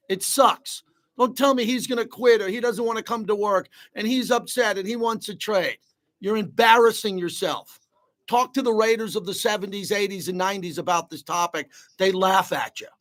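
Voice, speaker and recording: A man's voice: high voice, a bit bright. A man hosting a sports talk radio show, ranting bluntly and with heat.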